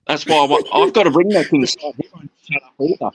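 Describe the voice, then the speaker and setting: Speaking into a phone as a guest, a man with a fairly high, husky voice chats casually about his parrots, rambling, restarting and imitating the phrases his birds say.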